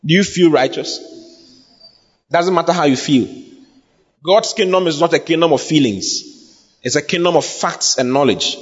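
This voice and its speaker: Man preaching, husky voice, emphatic and repetitive, long hall reverb, dull lo-fi sound. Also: a little high, normal speed, long pauses. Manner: emphatic and repetitive, building to shouts. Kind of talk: sermon.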